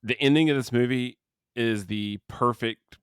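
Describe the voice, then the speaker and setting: A man co-hosting a podcast chats loosely about a film, hiccuping as he rambles and restarts his sentences. His mid-range voice is clear and resonant, he speaks a little slowly, and the studio-quality audio has no room sound.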